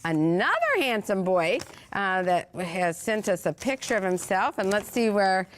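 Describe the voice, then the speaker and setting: A woman's voice: mid-range voice, unhurried. A woman hosting a children's TV show, reading viewer letters aloud and speaking in an encouraging way directly to the children.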